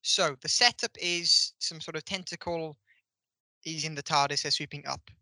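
Guy with a super bright tense voice, ranting and exasperated, dry close sound. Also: fairly high pitch, moderate pace, no room sound, poor audio. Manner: exasperated, ranting, laughs often. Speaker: podcast co-host. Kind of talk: casual review chat.

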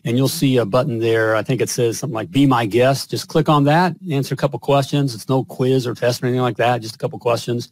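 A man's voice: mid-range voice, steady tone, fast, few pauses, no room sound. A man hosting a plumbing podcast in an upbeat, casual way, calling his guest brother. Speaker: podcast host. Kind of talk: casual interview chat.

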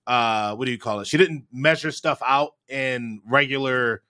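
A man telling a childhood story in a podcast chat, animated and often tagging his sentences with "right?". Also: medium pitch, moderate pace. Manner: animated storyteller, frequent "right?" tag questions. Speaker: guest.

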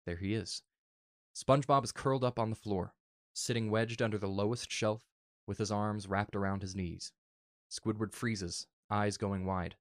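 A man earnestly reading a fan story aloud in a soft, emotional way. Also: fairly low pitch, steady tone, moderate pace, no room sound, studio quality. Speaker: narrator.

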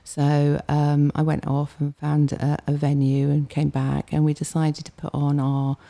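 A middle-aged woman from Hampshire, England, chatting as an interview guest and telling a lively story about how she started organising comedy nights. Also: sits low, a little slow, vocal fry.

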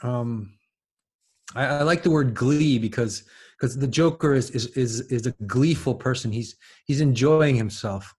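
Halting, thoughtful man thinking aloud. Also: mid-range voice, a little mellow, breathy edge. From lives in France. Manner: halting, many restarts and repeated words, thinking aloud. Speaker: podcast guest. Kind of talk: casual intellectual conversation.

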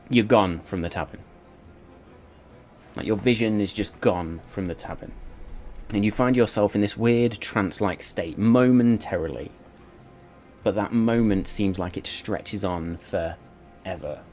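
A man narrating as game master in a tabletop game, with slow, dreamy descriptions and casual swearing. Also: sits low, a little mellow, faint music behind.

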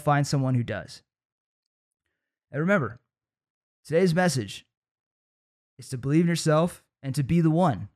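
A young man with a medium-pitched, slightly mellow voice hosts a motivational podcast, telling stories casually and laughing often. He acts out the voices of his family members as he quotes them.

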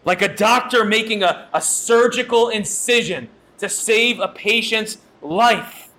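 A male pastor delivers a sermon with a high-pitched voice. His tone is bright and ringing. He preaches earnestly, pressing his points home by repeating them. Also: unhurried.

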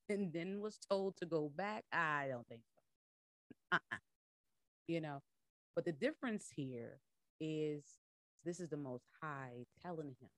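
A woman's voice: low-pitched, no room sound. A woman podcast host and coach giving a casual Bible teaching talk, conversational and laughing often as she acts out voices in her retelling.

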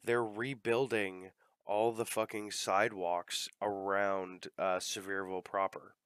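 A man's voice: on the low side, level tone, measured pace, a bit bright, smooth, dry recording. A man hosting a casual chat, telling long profane rambling stories.

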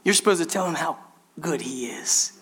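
Male pastor, high bright voice, emphatic sermon delivery, talks straight to the church. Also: animated, moderate pace, slightly rough. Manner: emphatic, repeatedly addresses the congregation.

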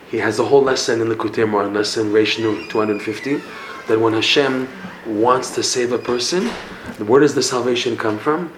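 A man teaching a Torah class, telling stories with lively energy and slipping in Hebrew and Yiddish words. His voice sits at an ordinary middle pitch. The room is echoey, with a faint hum of ambience behind him. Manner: animated storytelling, mixing Hebrew and Yiddish terms, laughs at punchlines. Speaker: Breslov teacher.

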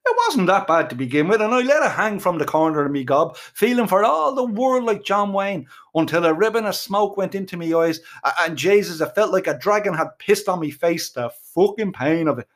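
A man's voice: sits high, animated, a little fast, hardly any pauses, a bit bright. A middle-aged Irish man telling a crude, comic story with colourful swearing.

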